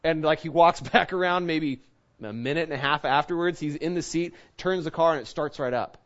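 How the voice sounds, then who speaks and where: A man's voice: a little high, a little fast, muffled recording. A man preaching a sermon, telling a personal story in a chatty way and acting out the quotes. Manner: storytelling, conversational, acts out quotes. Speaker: pastor.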